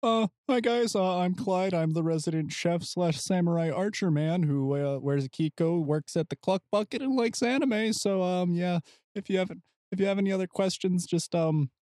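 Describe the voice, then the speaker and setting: A man's voice: sits high, moderate pace, darkish tone, no echo, clean studio sound. A man introducing himself as a tabletop game player, rambling with awkward jokes. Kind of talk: casual chat.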